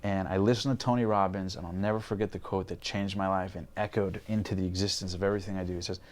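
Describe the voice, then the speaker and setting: Guy in his 20s on a podcast, kinda low voice, swears a lot telling his story. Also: fairly even intonation, fast talker, a little mellow. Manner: swears freely, acts out his past thoughts. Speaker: podcast guest. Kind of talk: candid personal storytelling.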